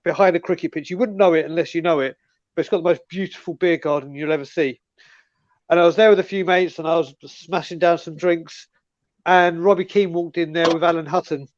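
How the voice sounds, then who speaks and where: London guy telling a pub story, high voice, dry dull sound like a web call. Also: no room sound. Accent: London English. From North London, England. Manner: lively, laughing anecdote teller. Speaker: co-host on a fan call-in show. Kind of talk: casual storytelling chat.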